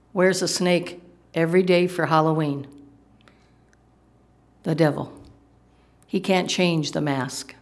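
A woman preacher giving a sermon, emphatic, asking the congregation rhetorical questions and explaining the meanings of Greek words. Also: on the low side.

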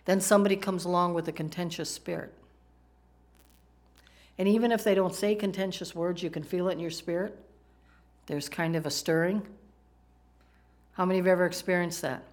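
A woman's voice: fairly low pitch, steady tone, normal speed, pauses often, a little mellow. A woman preaching a sermon, talking conversationally and asking the congregation questions. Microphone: microphone, PowerPoint slides in a church.

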